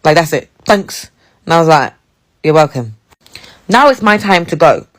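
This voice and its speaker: A woman from England telling a dating story in a casual, animated way, laughing and swearing. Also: fairly low pitch, quick pace.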